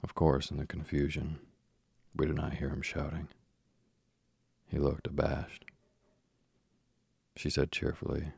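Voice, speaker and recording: A man with a deep gravelly voice, reading a story aloud slowly and softly for sleep. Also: no echo, studio quality. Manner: soft, even, unhurried delivery. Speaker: narrator.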